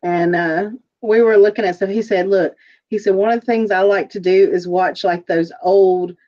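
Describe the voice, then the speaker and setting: A woman's voice: medium pitch, fairly even intonation, moderate pace, darkish tone. Chatty laughing woman auction host. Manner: chatty, laughs often, describes items with many fillers. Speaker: host of an online jewelry sale auction. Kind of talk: casual livestream chat. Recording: dull lo-fi livestream audio.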